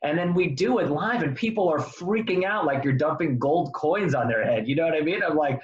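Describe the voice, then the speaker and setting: A man's voice: fairly high pitch, brisk, few pauses. A middle-aged man hosting a live stream, chatting casually over a video call and addressing viewers directly. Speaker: host, public speaking coach. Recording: roomy, dull lo-fi video call.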